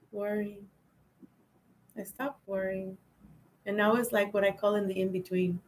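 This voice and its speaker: A woman's voice: mid-range voice, a little hiss or hum, rough recording. A woman hosting a casual spiritual livestream, rambling and repeating phrases, often laughing. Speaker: livestream host.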